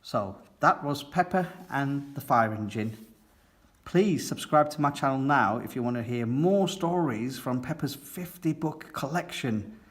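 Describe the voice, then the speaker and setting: A man reading a picture book aloud to children, gentle and friendly. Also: medium pitch, animated, a little slow. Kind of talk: read-aloud storytelling.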